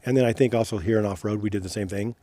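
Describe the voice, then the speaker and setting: A man's voice: fairly low pitch, fairly even intonation, rapid-fire, warm tone, slight background noise. A middle-aged man, a retired racer being interviewed, chatting casually in a rambling way with frequent self-corrections.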